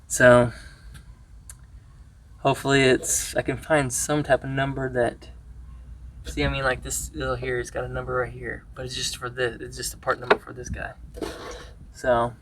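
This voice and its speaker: A man with a flat, level delivery walks through a repair job in a casual how-to style, filling his talk with "like" and "um." His voice bounces around an echoey garage workshop. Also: medium pitch, normal speed, pauses often, far from the mic, noisy background. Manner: rambling, many fillers like "like" and "um". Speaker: YouTuber restoring a truck.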